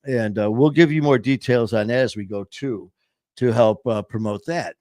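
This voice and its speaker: A man's voice: mid-range voice, normal speed, darkish tone. A man co-hosting a podcast in casual chat. His voice sits mid-range, and he talks in a rambling, upbeat way that keeps restarting. The sound is dry and close, with no room echo. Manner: rambling, self-interrupting, upbeat. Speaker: podcast host.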